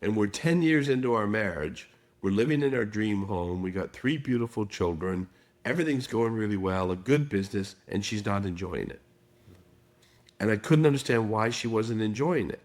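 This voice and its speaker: Middle-aged guy with a lowish voice, podcast guest telling stories, acts out quotes. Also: lively intonation, moderate pace, darkish tone. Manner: storytelling with acted quotes. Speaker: guest expert. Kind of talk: podcast interview.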